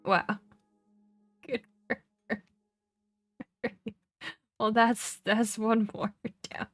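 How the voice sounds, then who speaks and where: A woman's voice: a little high, level tone, extremely slow, a bit bright, no echo, clean studio sound. Giggly young woman streamer, faint music. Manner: giggly, chatty, reads game text aloud. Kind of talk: casual game stream chat, reading aloud.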